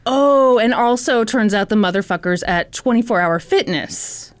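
Brief: high-pitched woman, wry storytelling podcast host. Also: expressive, moderate pace. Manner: profane, wry and teasing. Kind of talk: casual storytelling chat.

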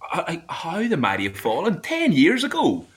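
A chatty man with a bright, forceful voice co-hosting a casual podcast. He laughs easily and rambles through his points. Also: a little high, wildly swooping pitch, moderate pace. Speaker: podcast co-host.

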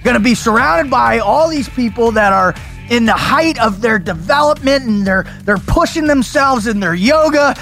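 Fired-up high-voiced male podcast host. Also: expressive, normal speed, gravelly, faint music behind. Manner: hyped, loud, laughing often, swearing. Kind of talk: energetic podcast conversation.

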